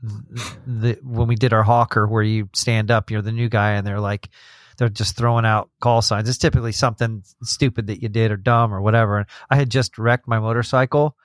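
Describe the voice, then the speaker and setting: A man hosting a casual podcast talk, mid-pitched, rambling through stories with restarts and little acted-out quotes. The sound is dry and close, with no room around him. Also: level tone, a little fast, no room sound. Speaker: podcast host. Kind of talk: casual chat.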